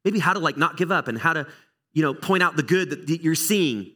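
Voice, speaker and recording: A middle-aged man preaching a conversational sermon as a pastor, telling stories about himself with candid, animated, self-deprecating energy. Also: on the high side, a little fast.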